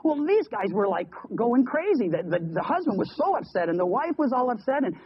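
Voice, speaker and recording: A man preaching a sermon, telling a story with quick asides and repeated words. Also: extremely high pitch, big pitch swings, slightly rough. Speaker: pastor. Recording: dull lo-fi radio broadcast.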